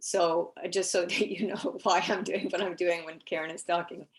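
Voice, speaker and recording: A woman with a somewhat low voice who talks in a chatty, easygoing way, often breaking into light chuckles. She relays impressions from a pet during an online reading. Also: flat delivery, moderate pace. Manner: light laughter, chatty, frequent fillers. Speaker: animal communicator.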